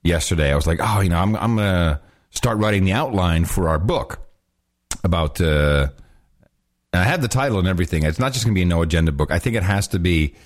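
A man co-hosting a podcast, chatting casually with grumbling, animated banter. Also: low voice, fast. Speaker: podcast co-host.

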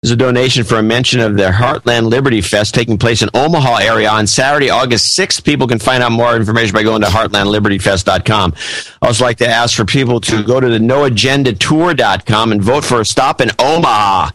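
A man's voice: medium pitch, fast talker, fairly bright tone, no echo, rough recording. A man co-hosting a podcast in easy, casual chat who reads listener donations in a plain, matter-of-fact way. His voice sits in the middle range and is recorded dry. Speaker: podcast co-host.

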